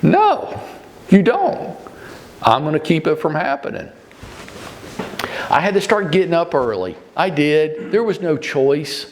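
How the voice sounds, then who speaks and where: A man's voice: big pitch swings, unhurried, long pauses, slight background noise. A man in his fifties, a real estate broker giving a blunt motivational training talk to his agents in short punchy sentences. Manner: blunt and emphatic, leaps up in pitch to stress points; speaks directly to the audience, often with short punchy sentences.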